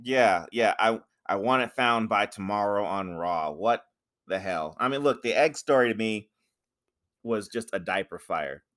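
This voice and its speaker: Man, bright tense voice, ranting, profane, podcast co-host. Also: lowish voice, expressive, measured pace. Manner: ranting, profane, repeats himself. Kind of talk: casual wrestling chat.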